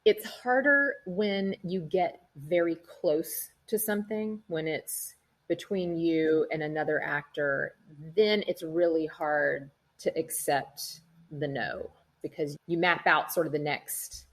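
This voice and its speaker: A middle-aged woman, an actress, chatting in an interview and telling animated stories about her work. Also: low-pitched, a little slow. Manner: chatty, animated storytelling, acts out quoted people. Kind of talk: casual interview conversation.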